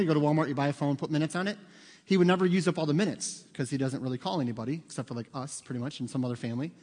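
A man preaching in a church, his voice pitched a touch high and trailing a long reverb through the hall. He talks conversationally, like telling a story to friends, and keeps checking in with "okay?" and "right?". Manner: animated storytelling with acted quotes. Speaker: pastor. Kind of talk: sermon.

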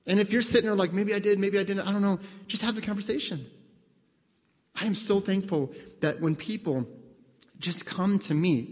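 A man's voice: high-pitched, big-room sound. A male pastor preaching in a conversational way, asking the congregation direct questions and acting out both sides of conversations. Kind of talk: sermon.

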